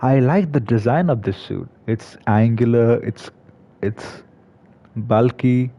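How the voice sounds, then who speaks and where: A man with a medium-pitched voice speaks slowly while casually commenting on a game. As a gaming video creator, he's hesitant and leans on many fillers and restarts, captured in a slightly dull lo-fi recording.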